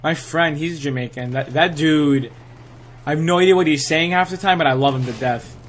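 A young man giving excitable, trash-talking live commentary over his own gameplay, full of gamer slang. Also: on the high side, moderate pace. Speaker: gaming channel host.

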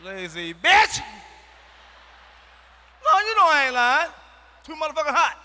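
A man doing a stand-up routine on a large arena stage, loud, profane and emphatic, with bursts of shouting. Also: very high voice, wildly swooping pitch, measured pace, big-room sound. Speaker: stand-up comedian.

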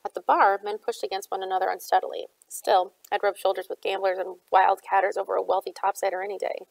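Brief: female audiobook narrator, gravelly tone, dry close sound. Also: medium pitch, little pitch movement, fast talker, dry recording, poor audio. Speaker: audiobook reader.

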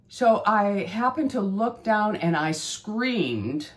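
Rambling, chatty woman in her fifties hosting a casual beauty vlog, average pitch. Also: expressive, drawn-out words. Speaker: beauty channel host. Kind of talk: casual chat.

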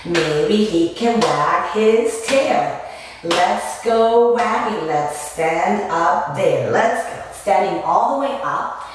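Female teacher leading kids in chants and animal sounds, very unhurried, recorded far off in a reverberant room. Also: fairly low pitch, expressive. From Miami area. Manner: slow, sing-song, with animal sounds. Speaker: children's dance and movement teacher. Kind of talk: call-and-response lesson for children. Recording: echoey room, distant mic, faint noise.

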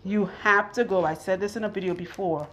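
A chatty woman talks to her viewers while she works on a client's hair, a little out of breath. Her pitch is mid for a woman. A faint room hum sits behind her. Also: steady tone, brisk, fairly bright tone. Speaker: loctician vlogger. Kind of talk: casual chat while working on hair. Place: hair salon in a home.

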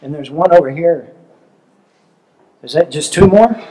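An older man leads a relationship seminar in an easy, conversational way. His voice sits a little higher than most men's, and he tells homely stories while checking in with his listeners. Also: unhurried, warm tone, rough recording. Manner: conversational, storytelling, asks audience questions. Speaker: seminar speaker.

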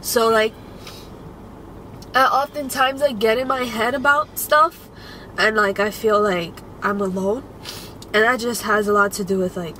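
A young woman on a couple's vlog, speaking in a tearful, halting way with many fillers. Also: a little high, fairly even intonation, bright, forceful tone, low-quality recording. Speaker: couple vlogger. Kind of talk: casual chat. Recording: clear background noise.

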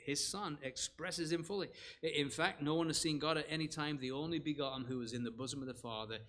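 A man's voice: a little high, steady tone, fairly quick, fairly bright tone. A man preaching an expository Bible sermon at a church conference, earnest, with rising and falling emphasis and rhetorical questions to the congregation. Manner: frequent fillers and self-corrections. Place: church hall.

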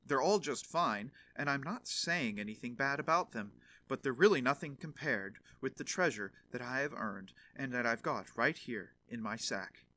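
A man's voice: medium pitch, expressive, moderate pace, sharp tone. A man voicing a boastful young journeyman turner in a fairy tale reading. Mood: commanding. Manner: boastful, commanding.

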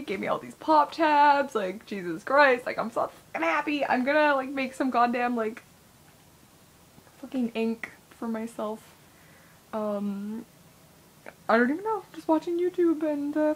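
A young woman talks straight to camera in a loose, rambling vlog. Her voice sits a little high for a woman. She swears freely and leans on fillers as she thinks aloud. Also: breathy edge. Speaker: vlogger.

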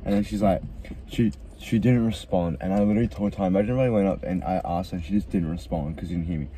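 Young aussie guy chatting in a car, lowish voice, lots of background noise. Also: fast talker, warm tone, low-quality recording. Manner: laughs often, retells stories with quoted lines. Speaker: co-host. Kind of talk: casual chat.

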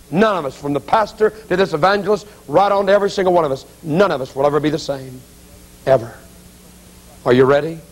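A man preaching as an evangelist in an auditorium, telling a story with acted quotes and building to loud, pleading appeals. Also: a little high, rough recording. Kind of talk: dramatic revival sermon.

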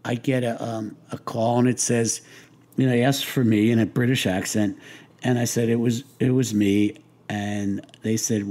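A lighting designer, an older man appearing as an interview guest, speaks at normal speed with a medium-pitched, level, darkish voice. He tells casual anecdotes in a meandering way, restarting, using fillers, and cracking wise-guy jokes.

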